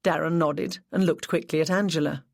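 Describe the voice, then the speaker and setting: An audiobook narrator tells a cozy mystery in an even, measured way. The voice sits at a middle pitch. The recording is dry, with no room sound. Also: gravelly, no echo. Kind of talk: scripted narration.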